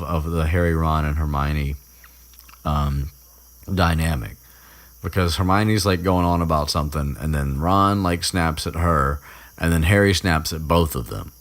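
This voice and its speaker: A man's voice: sits low, a bit bright. A young man hosting a podcast, recapping a story in a rambling, casual way, chuckling and swearing freely. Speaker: podcast host.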